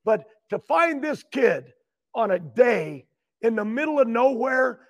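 Older man, high pitched, meandering storyteller who restarts his sentences. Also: very animated, measured pace. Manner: loose, meandering, keeps restarting and clearing his throat. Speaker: guest, racing driver. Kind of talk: rambling storytelling.

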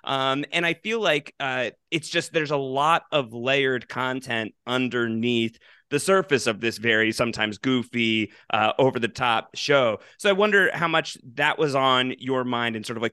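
A male podcast host with a bright, smooth, crisp voice, recorded dry and close. He asks long, rambling questions, circling his point with fillers. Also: mid-range voice, moderate pace, few pauses, no echo. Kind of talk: casual podcast interview.

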